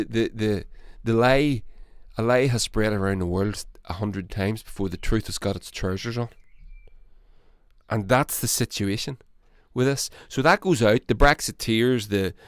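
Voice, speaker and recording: In clean studio sound with no echo, a man with a fairly low, smooth voice hosts his own casual political commentary. He is blunt and rambling, swearing and restarting his sentences.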